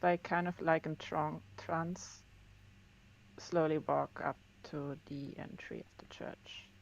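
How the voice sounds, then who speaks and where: A woman's voice: low-pitched, creaky, muffled recording. A woman playing a tabletop game, talking hesitantly through her character's choices. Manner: hesitant, filler-heavy. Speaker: player. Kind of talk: casual role-play.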